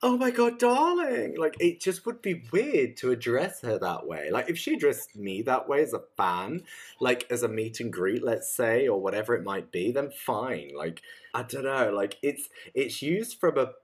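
A young man co-hosting a podcast in casual chat, rambling and correcting himself mid-sentence, animated when he quotes someone. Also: medium pitch, normal speed, slightly rough. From United Kingdom. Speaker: podcast co-host.

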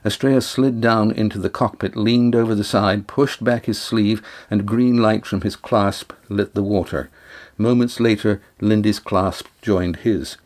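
A man narrating an audiobook chapter in a steady, measured way. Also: fairly low pitch.

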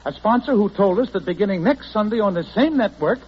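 A man hosting a 1940s radio comedy show with bright, eager announcing. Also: high voice, animated, fast, husky. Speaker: host. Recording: dull old radio broadcast with hiss.

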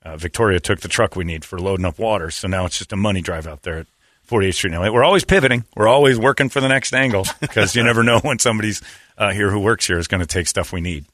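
A man's voice: fairly low pitch, fast, fairly bright tone, no room sound, clean studio sound. A man hosting casual morning radio banter, joking, rambling and laughing often. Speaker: radio host.

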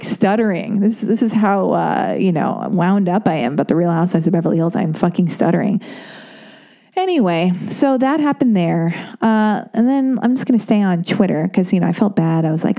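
A woman's voice: on the low side, brisk, creaky. A woman in her thirties talking in a casual, rambling monologue, stuttering and restarting as she gets worked up. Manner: rambling, animated, self-interrupting with restarts and stutters; quotes others in acted voices.

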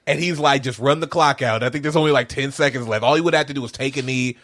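A man's voice: medium pitch, fast, a bit bright. A man chatting casually about a movie, telling the story with acted-out quotes and frequent laughter. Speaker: co-host. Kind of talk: casual chat reacting to a movie.

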